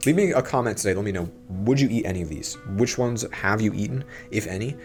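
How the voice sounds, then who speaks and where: Animated young man, lowish voice. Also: quick pace, soft background music. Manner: animated, exaggerated disgust, chatty asides. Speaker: YouTube host. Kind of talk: casual commentary vlog.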